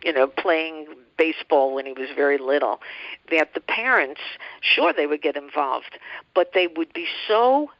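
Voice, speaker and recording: A woman's voice: sits low, lively intonation, no echo. Talk show host woman, dry muffled sound. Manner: conversational, unhurried, with fillers. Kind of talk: interview questions.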